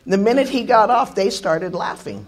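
A middle-aged woman speaks to a roomful of people at a recovery meeting, her voice worn and hoarse. She is frank and self-mocking, breaking into laughter and the odd curse as she tells her story. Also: mid-range voice, expressive, moderate pace. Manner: candid, joking, laughs often, swears. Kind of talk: personal recovery testimony. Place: meeting room with an audience.

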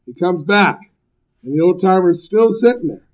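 Brief: blunt, emphatic man, slightly high voice, giving a recovery talk; loud, joking; dull lo-fi recording. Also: animated, moderate pace. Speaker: speaker at a recovery meeting.

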